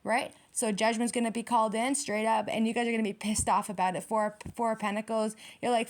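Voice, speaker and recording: Woman, tarot reader, higher voice, blunt, swears a lot, talks straight to her audience. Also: level tone, brisk, few pauses. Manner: addresses viewers directly. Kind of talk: tarot reading to camera.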